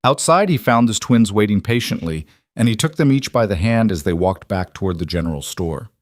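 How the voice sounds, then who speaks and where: A man with a fairly low voice narrates a scripted story gently and at a measured pace, yet with expressiveness. The recording is close and dry, with no room sound.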